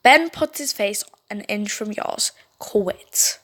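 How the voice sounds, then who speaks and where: A woman gaming YouTuber reading a story game aloud, expressive and reacting with exclamations. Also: mid-range voice, unhurried.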